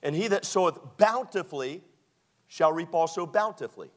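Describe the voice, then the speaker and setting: A man, preaching a sermon that moves between lively scripture reading and folksy storytelling. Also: fairly high pitch.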